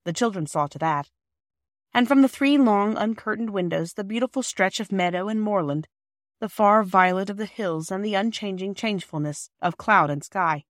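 A woman narrator reading a classic children's novel in a measured, expressive manner. Her voice sits at a medium pitch and is close to the mic, with a dry, roomless sound. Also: no echo. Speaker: audiobook narrator. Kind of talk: scripted storybook narration.

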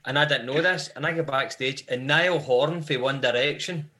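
A Scottish man, a band member appearing as a guest on a live podcast interview, tells long, rambling anecdotes about life on the road. His voice is medium-pitched at normal speed, with background noise present.

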